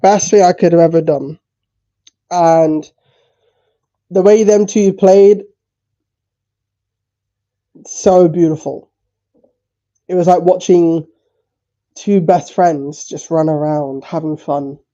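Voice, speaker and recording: A tearful man talks on a stream in a halting way, stumbling and repeating words and swearing now and then. His voice is high and very dark, and he speaks slowly. The audio is dull and lo-fi. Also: fairly even intonation. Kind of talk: emotional livestream talk.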